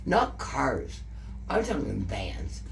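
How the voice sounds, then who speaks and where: A woman's voice: rumbling low, wildly swooping pitch, slow, vocal fry, a little hiss or hum. Profane, emotional Canadian woman telling a story. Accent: Canadian English. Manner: emotional, profane, repeats herself. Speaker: interviewee. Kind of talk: casual storytelling.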